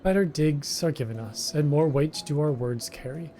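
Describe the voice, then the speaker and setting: A man's voice: fairly high pitch, moderate pace, dark tone, faint music behind, lightly acted. A man voicing a whiny, self-pitying male kobold foreman who repeats himself in strings of synonyms. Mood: lamenting. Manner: repeats words in lists of synonyms, pleading.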